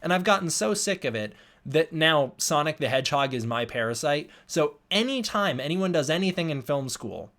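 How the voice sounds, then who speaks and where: A man's voice: fairly high pitch, animated, moderate pace, hardly any pauses, fairly bright tone. A young man hosting a casual livestream, rambling as he reads and answers chat, sounding tired. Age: young adult. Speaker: livestream host.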